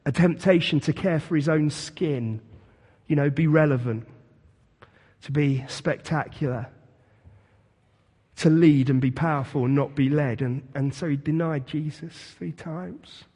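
A man preaching a sermon as pastor, retelling scripture as a vivid, animated story. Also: fairly high pitch, measured pace, breathy edge, long reverb tail. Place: church.

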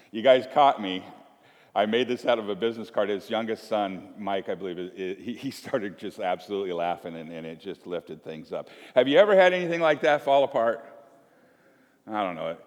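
In a church sanctuary with long reverb, a male pastor with a low-pitched voice preaches a sermon, and the highs are cut off. He tells homely stories conversationally, pokes fun at himself, and often restarts his sentences.

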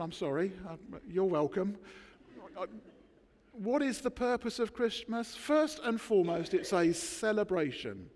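A man preaching a sermon, emphatic, with dramatic pauses between words. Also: high voice, a little mellow, in a large hall, slight background noise. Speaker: pastor. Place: church.

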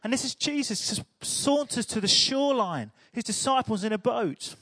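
A man's voice: very high-pitched, expressive, normal speed, pushed and bright, dry recording, clean studio sound. A man preaching a sermon in a chatty, humorous storytelling way.

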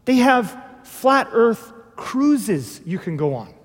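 A male pastor preaching a sermon, animated and full of rhetorical questions, acting out little dialogues. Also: very high voice, takes it slowly. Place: church hall. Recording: long hall reverb.

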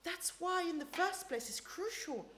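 Slow, earnest woman preacher in an echoey room. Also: very high-pitched, lively intonation, a little hiss or hum. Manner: unhurried, earnest, drops to soft prayer. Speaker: preacher leading prayer. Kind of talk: sermon and guided prayer. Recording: echoey room with faint ambience.

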